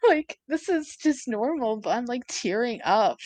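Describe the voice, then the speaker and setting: A woman's voice: on the high side, lively intonation, measured pace, dry recording. A young woman co-hosting a podcast in casual chat, swearing freely and laughing often. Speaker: podcast co-host.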